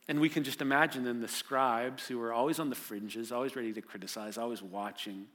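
Male pastor, middle pitch, sermon storytelling that moves between urgent and hushed. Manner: vivid storytelling, swinging from loud and urgent to hushed. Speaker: preacher.

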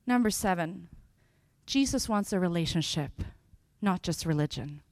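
A woman preaching a sermon, telling Bible scenes with lively voices and slowing down on key phrases. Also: fairly low pitch, no room sound. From Sweden. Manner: expressive, acts out scenes with sudden loud bursts.

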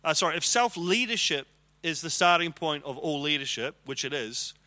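Bright-toned man giving a talk. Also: on the high side, animated, moderate pace. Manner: conversational, acts out arguments in quoted voices. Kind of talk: sermon-style leadership teaching.

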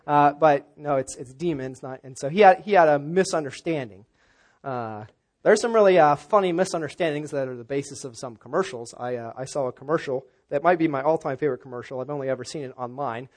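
A middle-aged man with a somewhat high-pitched voice delivers a Sunday sermon. He talks in a loose, conversational way, filling pauses with "uh" and restarting phrases as he teaches his congregation. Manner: conversational, with frequent "uh" fillers. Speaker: pastor.

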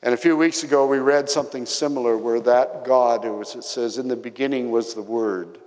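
Preacher in a reverberant hall. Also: male voice, medium pitch, fairly even intonation. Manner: storytelling, emphatic pauses, quiet drops. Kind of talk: sermon.

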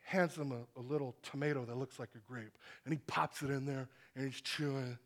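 A man preaching a sermon to a congregation, animated and acting out the voices in his stories. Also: mid-range voice, fairly quick. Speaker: pastor. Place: church hall with congregation.

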